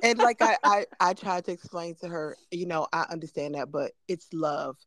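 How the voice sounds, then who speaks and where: A woman's voice: lowish voice, normal speed, fairly bright tone, dry recording, studio quality. A middle-aged woman co-hosting a casual podcast chat as a mother, talking earnestly with lots of "you know" fillers and easy laughter.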